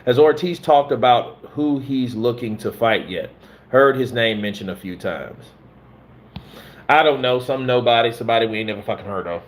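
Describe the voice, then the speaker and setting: A man's voice: mid-range voice, moderate pace, slight background noise. A man from the American South, a stunt performer, chatting casually and telling profane, rambling stories. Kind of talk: casual chat.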